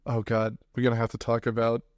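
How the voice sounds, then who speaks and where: A man's voice: mid-range voice, monotone, quick pace, a little mellow, dry recording, studio quality. A man hosting a casual movie podcast, rambling and hesitant and often breaking into laughter. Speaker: podcast host.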